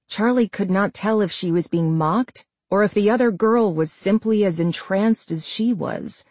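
A woman narrating a horror novel as an audiobook, reading in a slow, measured way. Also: mid-range voice, darkish tone, no room sound. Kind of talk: scripted narration.

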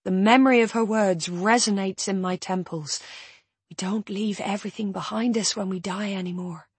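A woman narrating an audiobook in the first person, speaking quietly and in a strained way. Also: medium pitch, steady tone, moderate pace, husky, no echo.

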